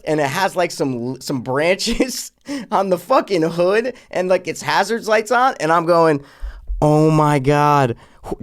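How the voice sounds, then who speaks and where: A man co-hosting a podcast, ranting casually and profanely about a horror film, with mocking impressions of the characters. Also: high voice. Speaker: podcast co-host. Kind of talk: casual film review rant.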